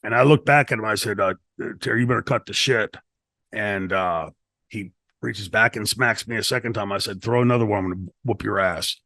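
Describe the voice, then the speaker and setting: A middle-aged man recounting a wrestling story in a shoot interview, animated and profane, acting out the lines people said. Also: lowish voice, fairly quick, creaky, no room sound. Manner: animated, profane, acts out quotes in his story. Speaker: retired wrestler telling a story. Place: wrestling promotion studio. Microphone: studio mic.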